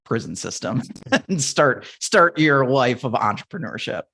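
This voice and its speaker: A man hosting a podcast interview, summing up the guest's story in a measured way. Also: medium pitch, very animated, creaky, sharp tone, slightly rough. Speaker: podcast host. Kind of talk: interview question.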